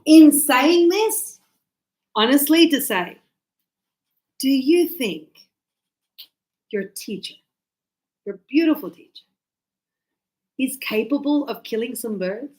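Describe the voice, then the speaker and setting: A woman teaching a class, chatty and animated, acting out birds and her students as she explains. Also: high-pitched, slow pace, pauses often, rough recording. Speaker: English teacher.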